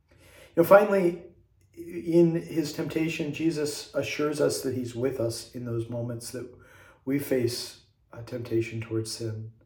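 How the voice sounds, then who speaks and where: An earnest male priest delivers a homily straight to the viewer, urging and direct. His voice is dark and mellow, and it rings around an echoey room. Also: mid-range voice.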